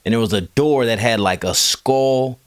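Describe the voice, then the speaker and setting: Co-host, man, mid-pitched, easygoing, quick to laugh. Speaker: podcast co-host. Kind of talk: casual chat.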